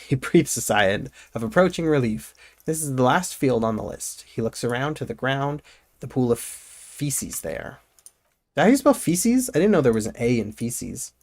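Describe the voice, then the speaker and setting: A male streamer reading video game text aloud slowly and carefully, breaking off for casual asides to his viewers. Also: medium pitch, very animated. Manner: reads game narration in a slow, measured way, breaking off for casual asides.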